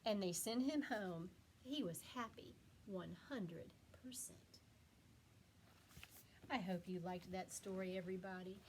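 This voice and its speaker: A woman teacher reading a rhyming picture book aloud to children with expressive, animated storytelling. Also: mid-range voice, moderate pace, a little hiss or hum.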